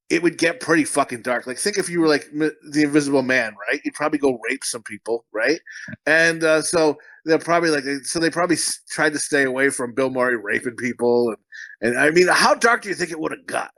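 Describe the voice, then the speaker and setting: A man's voice: fairly high pitch, fairly bright tone, no room sound, low-quality recording. Profane rambling podcast man. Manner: rambling, profane storytelling, laughs often. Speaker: podcast co-host. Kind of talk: casual crude chat.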